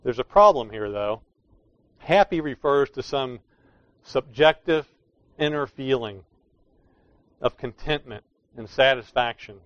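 A male pastor delivers a sermon, stressing key words with emphatic, explanatory force. His voice sits at an ordinary middle pitch. The recording is dry and slightly dull, with no room echo. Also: animated, measured pace, long pauses, fairly bright tone.

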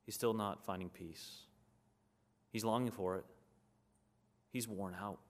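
A man's voice: fairly low pitch, fairly even intonation, a little slow. A man preaching a sermon in an earnest, conversational way, reading scripture aloud and explaining it.

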